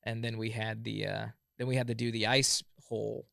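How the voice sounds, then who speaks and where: A man in his thirties with a heavily gravelly, fry-laden voice spins loose stories as a podcast guest, peppering everything with "like." The sound is close and dry, with no room around it. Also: on the low side, little pitch movement, normal speed, fairly bright tone, dry recording. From Southern California. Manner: laid-back, full of "like" and "yeah, yeah, yeah". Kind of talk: casual storytelling chat.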